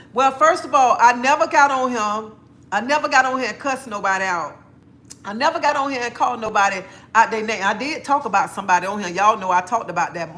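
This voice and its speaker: In a fairly bright, slightly high voice, a middle-aged woman runs a casual livestream. She speaks bluntly and breaks into laughter frequently.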